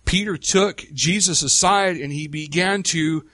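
A middle-aged man preaching a sermon in a conversational way, with rhetorical questions and slow, emphatic pauses. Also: on the high side, a bit bright, no room sound, clean studio sound. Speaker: pastor.

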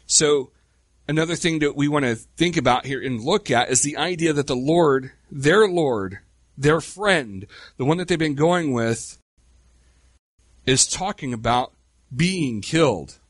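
A middle-aged man preaching a sermon in a conversational way, with rhetorical questions and slow, emphatic pauses. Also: on the high side, lively intonation, dry recording, clean studio sound. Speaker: pastor.

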